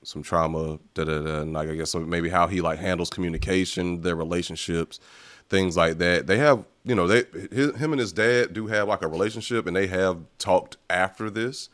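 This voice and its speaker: A man's voice: sits low, moderate pace, fairly bright tone. A man hosting a casual reaction chat, laid-back and full of fillers as he introduces clips. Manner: laid-back, filler-heavy, laughs easily. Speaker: podcast host.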